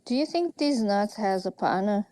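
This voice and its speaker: A woman's voice: medium pitch, lively intonation, normal speed, mellow, dry recording. A woman bantering on a live audio chat in a teasing, playful way.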